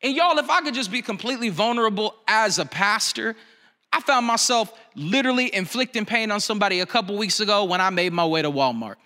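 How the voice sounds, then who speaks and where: A man's voice: high-pitched, animated, quick pace, sharp tone. A young adult man, a pastor, preaching a sermon in a candid, conversational storytelling way, speaking directly to his congregation. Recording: long reverb of a large room.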